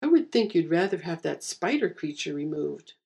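A woman's voice: low-pitched, very animated, normal speed, gravelly, mellow, breathy edge, heavily acted. A woman voicing a wry, sardonic young swordswoman in a spoken story. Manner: dry, sardonic.

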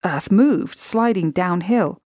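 A woman narrating a war story in a steady, measured way. Her voice sits fairly low, and the recording is close and dry with no room sound. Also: no room sound. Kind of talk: audiobook narration.

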